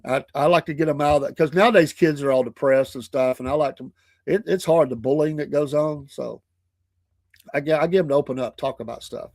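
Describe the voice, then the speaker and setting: A man's voice: fairly high pitch, fairly quick, darkish tone, no echo, clean studio sound. An older man hosting a morning show, chatting in a folksy, chuckling, rambling way. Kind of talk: casual podcast chat.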